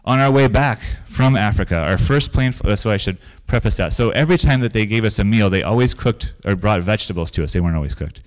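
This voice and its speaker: A man's voice: on the low side, fast talker, hardly any pauses. A man preaching a sermon in a conversational way, telling stories and repeating phrases for emphasis. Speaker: pastor.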